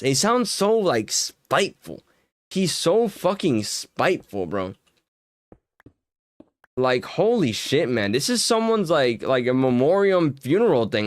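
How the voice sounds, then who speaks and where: Young male streamer, fast heated rants full of swearing, slightly high voice. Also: sing-song, no room sound, clean studio sound. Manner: heated, profane ranting with many fillers. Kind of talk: casual chat while gaming.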